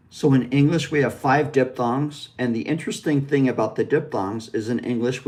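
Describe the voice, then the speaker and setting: Slow-speaking man teaching pronunciation. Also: fairly low pitch, darkish tone. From United States. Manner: demonstrative, stretches out drawn sounds for practice; encouraging, speaks directly to the learner. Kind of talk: pronunciation lesson.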